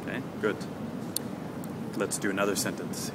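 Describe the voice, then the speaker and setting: Male English teacher, low voice, patient and repetitive, noisy street rumble behind. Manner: patient, repeats words slowly for learners. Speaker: English teacher and podcast host. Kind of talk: English pronunciation lesson.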